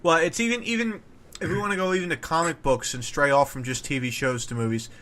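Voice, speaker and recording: A man's voice: on the high side, fairly even intonation, fast talker, fairly bright tone. A man hosting a casual podcast chat, joking around and hesitating with fillers. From Wales. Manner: jokey, puts on accents, hesitant fillers. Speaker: podcast host.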